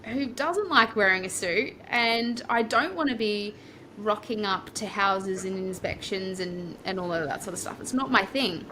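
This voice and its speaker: Young Australian woman, property-coach guest: chatty, rambling storyteller with a bright voice and faint noise. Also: mid-range voice, a little slow. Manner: chatty, rambling, lively asides. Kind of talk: casual storytelling interview.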